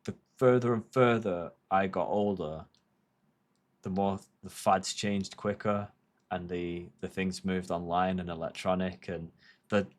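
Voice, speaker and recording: A man's voice: sits low, steady tone, unhurried. A man in his thirties chatting casually on a livestream, rambling and reflective with plenty of swearing.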